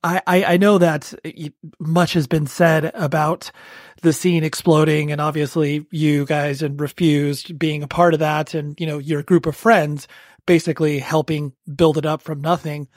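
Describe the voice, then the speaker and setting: A man in his forties from Southern California interviews a guest, eager and halting, stumbling over the start of his questions. His voice sits a little high and the sound is dry and close. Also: little pitch movement, no room sound. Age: 40s. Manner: eager and halting, repeats words when starting. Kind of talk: casual interview.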